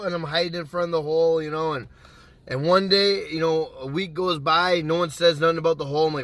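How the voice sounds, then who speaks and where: Man, high voice, bright tone, dry close sound, casual storytelling, animated, swears a lot. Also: brisk, no echo. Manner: animated, swears freely, acts out his own past lines. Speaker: gaming YouTuber.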